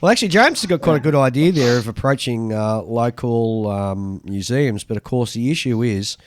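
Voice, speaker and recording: A man's voice: medium pitch, expressive, normal speed, a little hiss or hum. An Australian man co-hosting a casual hobby podcast, chatting and reading listener mail aloud with dry asides. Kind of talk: casual chat.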